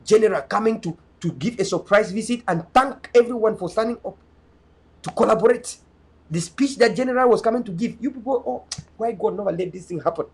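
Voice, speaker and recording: A man's voice: high voice, fairly quick, gravelly, husky. A man, hosting an online show and giving an impassioned, pleading address with a preacher-like cadence.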